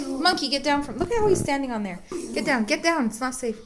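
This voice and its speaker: A woman's voice: high-pitched, animated, fast talker, a crowd in the background. A young woman filming her baby at home, coaxing him in a sing-song voice. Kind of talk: home video baby talk.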